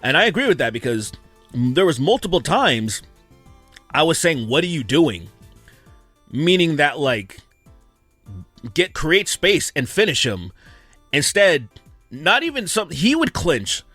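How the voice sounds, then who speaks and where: Man, casual fight commentator, fairly high voice, opinionated, dry close mic. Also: unhurried, pauses often, no echo, soft background music. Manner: animated, opinionated, acts out quotes. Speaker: YouTube commentator.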